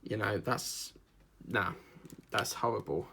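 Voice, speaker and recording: A man with a gravelly, creaky voice chats casually as he hosts a craft video. He rambles and digresses, jokes along the way and leans on plenty of fillers. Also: on the low side, takes it slowly, bright, forceful tone, a little hiss or hum. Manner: chatty, digressive, jokey, with many fillers. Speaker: craft channel host.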